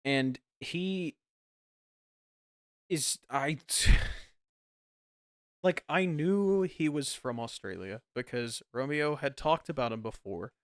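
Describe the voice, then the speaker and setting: A man's voice: medium pitch, dry recording, studio quality. A man, a podcast co-host, telling stories in casual chat and laughing often. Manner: animated storytelling, laughs often.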